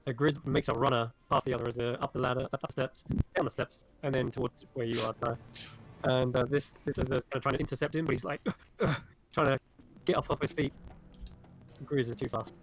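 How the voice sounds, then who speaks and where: A man running an online tabletop game as game master, narrating the scene and rulings in a relaxed, descriptive way. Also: medium pitch, quick pace, slight background noise, poor audio. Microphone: online call mic.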